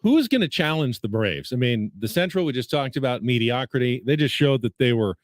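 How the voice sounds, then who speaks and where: A man's voice: medium pitch, animated, fairly quick, no echo. A man hosting a sports radio show, leading the conversation and reading a sponsor spot. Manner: conversational, reads ad copy smoothly. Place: radio studio.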